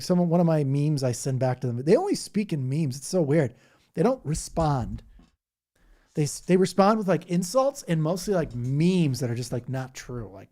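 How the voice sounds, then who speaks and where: A livestream host with a warm, higher-than-average voice chats casually in response to viewer comments, rambling along, laughing, and lampooning things with silly impressions.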